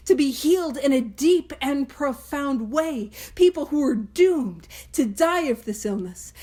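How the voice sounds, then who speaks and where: A woman's voice: a little high, darkish tone. A woman hosting a study podcast, talking earnestly and emphatically with playful asides. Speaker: podcast host leading a study group. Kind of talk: casual study talk.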